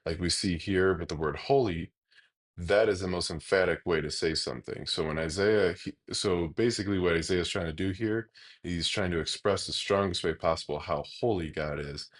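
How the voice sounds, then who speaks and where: A man teaching a Bible lesson in a relaxed, explanatory way, often pausing with hesitations as he talks. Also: low voice. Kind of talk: casual teaching monologue.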